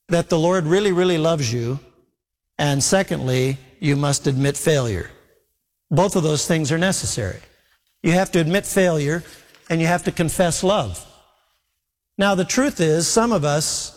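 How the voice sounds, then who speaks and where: A man preaching a sermon as pastor, earnest, often voicing Jesus in his own paraphrase. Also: fairly high pitch. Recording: long reverb of a large hall.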